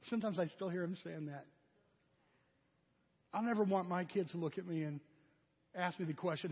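Folksy middle-aged preacher guy, kinda breathy, echoey dull church recording. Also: sits high, normal speed, pauses often. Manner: storytelling, folksy and conversational. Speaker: pastor. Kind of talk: sermon. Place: church sanctuary.

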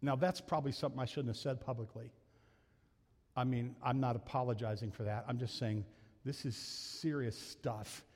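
A man's voice: medium pitch, fairly even intonation, normal speed, darkish tone, big-room sound. A man preaching a sermon as pastor, telling personal stories in a conversational, self-deprecating way, laughing often. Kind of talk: sermon storytelling. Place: church sanctuary.

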